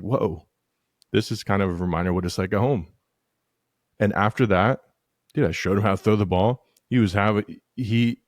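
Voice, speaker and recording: A man's voice: fairly low pitch, dry recording, clean studio sound. A man hosting a casual podcast, telling stories bluntly with plenty of swearing. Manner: blunt, swears freely, animated storytelling. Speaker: podcast host.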